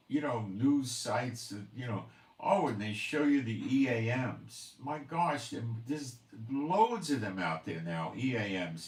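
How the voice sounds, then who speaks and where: A man's voice: fairly low pitch, reverberant, far from the mic. A man hosting a commentary channel, ranting emphatically with scorn and rhetorical questions. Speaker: host of a prophecy commentary channel.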